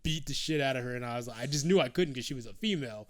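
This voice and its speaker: A man's voice: mid-range voice, rapid-fire. A man co-hosting a casual podcast chat, talking loosely with lots of fillers and trailing phrases. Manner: loose, hesitant, many fillers. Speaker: podcast co-host.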